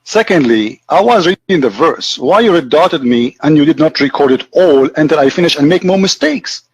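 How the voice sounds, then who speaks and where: A man's voice: fairly high pitch, expressive, moderate pace, husky. Mocking man arguing over a debate clip. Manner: mocking, argumentative, talks at the viewer. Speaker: commentator replaying a debate. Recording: lo-fi online voice chat.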